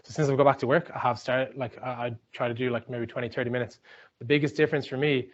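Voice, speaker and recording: Fast-talking Irish man, lo-fi. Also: mid-range voice, fairly even intonation. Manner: rambling, chatty, many fillers and restarts. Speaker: speaker giving a talk. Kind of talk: informal talk with anecdotes. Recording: dull lo-fi sound.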